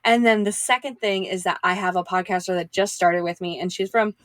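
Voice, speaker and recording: Woman, podcast host, bubbly, chatty, effusive, mid pitch, dry close recording. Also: fairly even intonation, fairly quick, dry recording. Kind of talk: casual interview chat.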